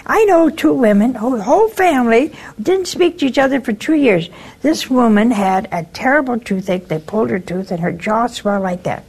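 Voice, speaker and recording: Her voice is on the high side and animated, gravelly with a darkish tone, at a normal speed in a slightly rough recording. She's a nun hosting a call-in show, casually offering spiritual talk and folksy forgiveness anecdotes in which she acts out the voices.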